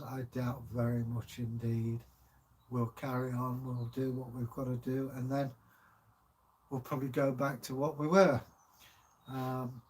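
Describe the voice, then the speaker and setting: A man's voice: medium pitch, darkish tone, breathy edge. An older man from Kent with a southern English accent, chatting casually on a livestream as channel host, rambling with many hesitations. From Kent, England.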